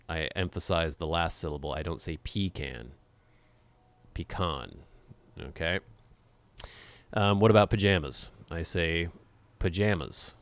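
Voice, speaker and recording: A young vlogger from the Pacific Northwest of the USA has a lowish, clear, resonant voice, recorded with no room sound. He chats casually while reading quiz questions aloud, musing over how he pronounces words and adding playful, sarcastic asides.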